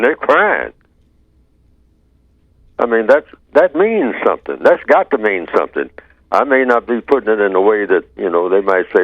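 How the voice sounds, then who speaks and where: An older man hosting a talk radio show, reasoning through a problem slowly with rhetorical questions. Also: mid-range voice, no room sound. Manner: slow, deliberate, rhetorical questioning. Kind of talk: answering listener email on talk radio. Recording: tinny phone-line sound.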